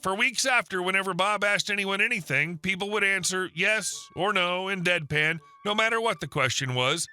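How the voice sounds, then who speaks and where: A man narrating online stories in a scripted way, with wry deadpan asides. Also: sits high, normal speed, few pauses, clean tone, soft background music.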